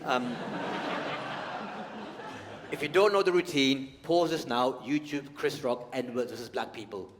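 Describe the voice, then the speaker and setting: A man's voice: mid-range voice, unhurried, pauses often, a little hiss or hum. A stand-up comedian, a man, talking conversationally and teasing the audience on a large theatre stage. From United Kingdom. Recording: long hall reverb.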